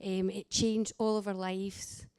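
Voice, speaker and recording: A woman's voice: medium pitch, level tone, measured pace, darkish tone, smooth, no echo. A woman speaking as a carer at a conference, direct and earnest. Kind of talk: conference talk.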